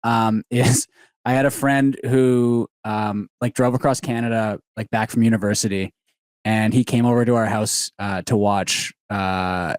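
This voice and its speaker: A man's voice: fairly low pitch, steady tone, measured pace, clear, resonant tone, no echo. Man, podcast co-host, casual comedy chat, rambling, dry close-miked sound. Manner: rambling, with frequent fillers and restarts.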